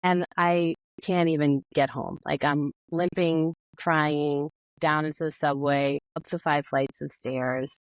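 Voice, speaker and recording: A woman's voice: sits low, fairly even intonation, slow pace, no room sound, rough recording. A woman, a physical therapist and yoga teacher, telling a personal story as a podcast guest, acting out her own past words. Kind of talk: conversational storytelling.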